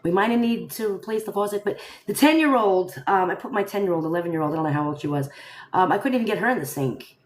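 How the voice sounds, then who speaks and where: A woman's voice: mid-range voice, quick pace, a little hiss or hum. A woman hosting a casual live stream, talking straight to her viewers and firing rhetorical questions at them. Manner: animated, rhetorical, addresses viewers directly. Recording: echoey room sound.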